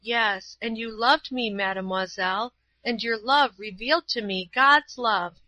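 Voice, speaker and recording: A woman voicing a frail, dying old woman who speaks weakly and slowly with gratitude. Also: fairly high pitch, pushed and bright, no room sound, low-quality recording.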